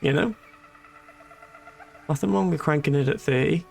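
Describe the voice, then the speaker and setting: A man's voice: a little high, normal speed, gravelly, pauses often, faint music behind. A man chatting casually and joking while live-streaming a video game, laughing often.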